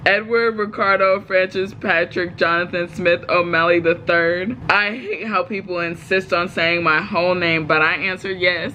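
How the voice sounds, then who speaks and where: A woman's voice: medium pitch, moderate pace, pushed and bright, slight background noise, rough recording. A woman reading her own story aloud, breaking off with giggles and joking asides. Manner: giggly, breaks off to laugh and comment.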